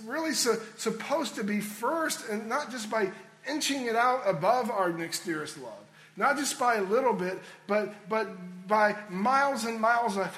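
A man's voice: high voice, a bit bright, roomy sound, low-quality recording. A man preaching a sermon as a pastor, earnest and conversational, repeating key phrases for emphasis.

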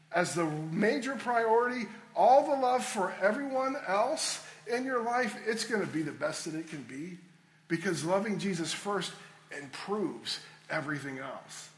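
A man's voice: sits high, roomy sound, rough recording. A man preaching a sermon as a pastor, earnest and conversational, repeating key phrases for emphasis.

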